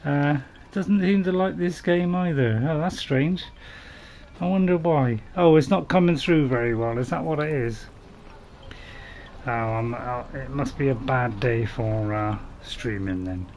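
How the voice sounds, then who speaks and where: Over a little hiss or hum, a gaming streamer from North England talks in a mid-range, slightly mellow voice at an unhurried pace. He's chatty and rambling on his casual gameplay stream, laughing at his own jokes.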